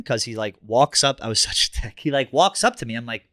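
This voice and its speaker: Fast bright-voiced man telling a story. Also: mid-range voice, dry recording, studio quality. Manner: animated, profane storytelling with acted-out quotes. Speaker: podcast co-host. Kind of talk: casual storytelling chat.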